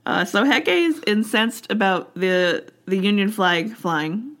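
A woman's voice: mid-range voice, lively intonation, slow, a bit bright. A woman co-hosting a casual talk show, telling a history story in a chatty, wry way, full of fillers and restarts.

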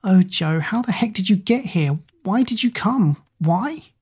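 A woman reads a frightened teenage girl in an audiobook, pleading in breathy half whispers. The voice sits higher than the low narrating voice, with pitch that rises when she panics. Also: animated, unhurried, a little mellow. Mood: anxious.

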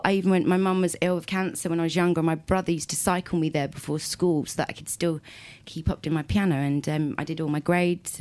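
A low-pitched woman talks about her past as an interview guest. She rambles from one story to the next, laughs often and keeps restarting her sentences. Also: darkish tone. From South London, England. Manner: rambling storyteller, frequent laughs, self-corrections. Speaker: guest musician. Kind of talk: casual interview chat.

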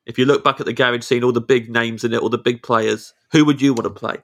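A man's voice: medium pitch, fairly even intonation, fast. A comedian and podcast host with a Northamptonshire accent who drops his Gs and Ts, chatting casually and asking eager questions. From Kettering, Northamptonshire, England.

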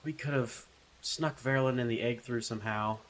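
A man's voice: mid-range voice, moderate pace, low-quality recording. A man playing a tabletop game with friends, making dry, wry jokes in casual chat. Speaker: player.

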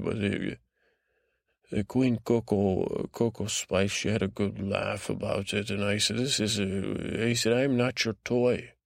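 A man hosting a show, telling a meandering improvised bedtime story in a slow, drowsy way with a put-on, vaguely Scottish lilt, often stalling and repeating himself. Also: fairly low pitch, vocal fry, no echo, clean studio sound. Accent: put-on vague Scottish-ish lilt. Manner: meandering, halting, full of restarts and repeated words; slow, drowsy, lulling delivery. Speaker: podcast host. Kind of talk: rambling improvised bedtime story told in first person.

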